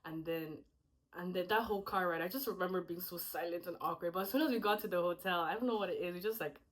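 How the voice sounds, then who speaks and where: A woman's voice: lowish voice, fast talker, low-quality recording. A young woman hosting a casual storytime chat with her cousins, talking freely and acting out quotes. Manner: chatty, laughing often, acts out quotes. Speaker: host.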